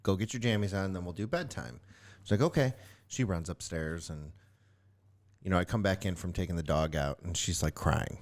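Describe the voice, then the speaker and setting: A man co-hosting a podcast, chatting casually and telling stories in an animated way into a studio microphone. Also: low-pitched, fairly quick. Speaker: podcast co-host. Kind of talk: casual chat.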